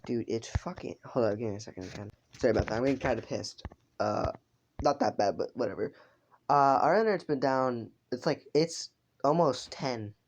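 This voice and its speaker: A man's voice: medium pitch, moderate pace, a little hiss or hum. A man telling a story in a casual, improvised way. He rambles, swears and breaks off for asides.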